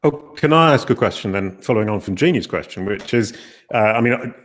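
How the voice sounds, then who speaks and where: A man's voice: fairly low pitch, lively intonation, a little fast. A man hosting a webinar over a video call, chatty and self-deprecating, often restarting his sentences. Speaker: webinar host. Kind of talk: casual webinar moderating.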